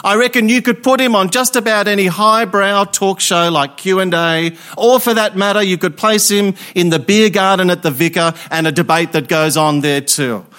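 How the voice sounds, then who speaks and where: High-voiced man preaching. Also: fairly bright tone. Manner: emphatic, with rhetorical questions and pauses. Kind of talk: Easter Sunday sermon.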